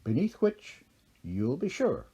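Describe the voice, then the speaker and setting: A man's voice: mid-range voice, huge pitch swings, slow, warm tone, breathy edge, highs cut off, full character voice. A man voicing a small, mischievous male leprechaun with a broad Irish accent in a storybook reading. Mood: jovial. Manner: broad lilting brogue, mischievous.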